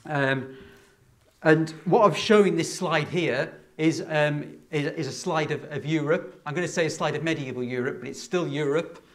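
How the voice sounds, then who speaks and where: A man's voice: on the high side, normal speed. A middle-aged man giving a lecture to children in a hall, chatty and full of fillers and restarts. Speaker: university lecturer. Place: lecture hall with a live audience.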